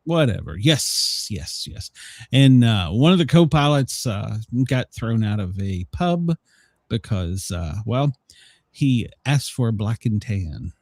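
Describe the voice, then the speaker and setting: A man's voice: mid-range voice, big pitch swings, slow pace, no echo, studio quality. A man co-hosting a casual livestream talk show, joking and rambling in a self-mocking way. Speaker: co-host of a daily news talk show.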